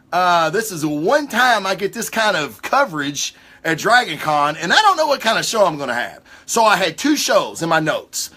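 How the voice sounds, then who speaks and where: A man hosting his show, telling a rambling, excitable story with a lot of cursing. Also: sits high. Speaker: host. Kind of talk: casual monologue.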